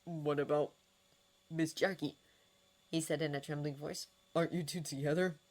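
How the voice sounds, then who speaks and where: A frightened teenage boy who talks in a hushed, trembling murmur, read by a woman. Her voice stays low-set and close to her own. It is an audiobook-style fan reading. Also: steady tone, moderate pace.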